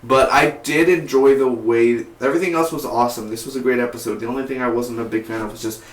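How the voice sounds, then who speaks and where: Young male TV reviewer, excitable and slangy, mid pitch, roomy echo. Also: fast talker. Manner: excitable, slangy, says "man" and "dude" a lot. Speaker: TV episode reviewer. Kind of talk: casual review vlog.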